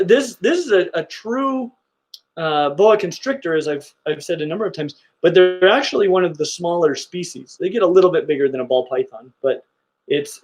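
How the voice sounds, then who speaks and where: A middle-aged man hosting a casual reptile livestream, gushing enthusiastically about his animals. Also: a little high. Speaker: reptile channel host.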